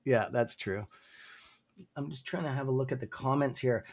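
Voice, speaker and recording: A man's voice: medium pitch, normal speed. A man with a Canadian accent hosting a live trading stream, enthusiastic and rambling, with lots of fillers. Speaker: livestream host. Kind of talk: casual livestream chat.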